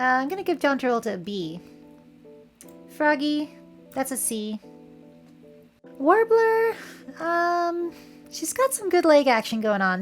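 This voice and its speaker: A woman with a Californian Valley Girl accent talks casually over film clips, playful and wry. Her voice sits high. A little music plays softly underneath. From San Francisco area, California. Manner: playful, wry, joking asides. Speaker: video essay host.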